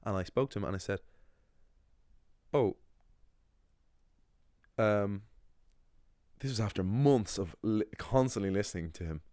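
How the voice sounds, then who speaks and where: Young guy, deep voice, chatty rambly monologue, dry close sound. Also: unhurried, pauses often, a little mellow, no room sound. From Ireland. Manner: rambling, conversational, many fillers and restarts. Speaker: language channel host. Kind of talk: casual talking-head monologue.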